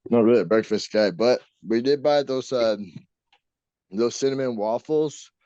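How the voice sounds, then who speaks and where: Laid-back male co-host, rambling and halting, dull lo-fi sound, dry room. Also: medium pitch, mellow, dry recording. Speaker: podcast co-host. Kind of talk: casual podcast chat.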